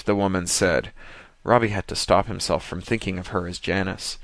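A man narrating an audiobook story in a steady, measured way. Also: low-pitched, dry recording.

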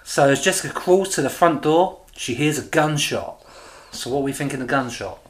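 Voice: medium pitch, moderate pace. An English co-host of a podcast, recapping a TV episode in casual chat with wry remarks.

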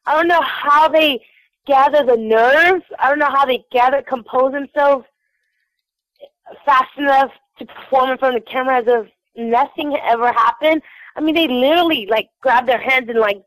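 A woman's voice: sits high, moderate pace, fairly bright tone, no room sound, rough recording. A young woman from Houston telling a bubbly, giggly fan story, full of fillers. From Houston, Texas. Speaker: fan recounting a trip. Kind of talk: casual chat.

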